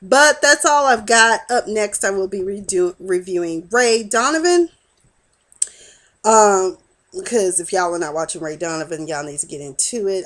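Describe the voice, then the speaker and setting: A young woman in a casual vlog, sassily recapping a TV episode and talking back to the characters. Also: fairly low pitch. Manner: sassy, talks back to the characters, acts out their lines. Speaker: TV episode reviewer.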